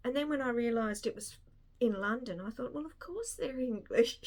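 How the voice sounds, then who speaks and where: A woman's voice: fairly high pitch, moderate pace, darkish tone. A woman chatting casually and enthusiastically about a show she saw, rambling a little with frequent restarts. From not American. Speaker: film review vlogger. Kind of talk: casual spoken review.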